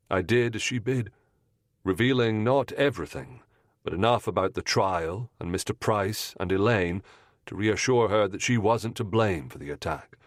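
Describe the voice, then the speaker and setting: A man narrating a mystery audiobook in the first person, in a measured, composed way. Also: fairly low pitch, no room sound, clean studio sound.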